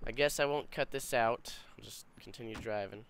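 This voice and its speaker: A man's voice: mid-range voice, moderate pace. A man giving casual gameplay commentary, swearing often and grumbling in frustration. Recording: game audio noise behind.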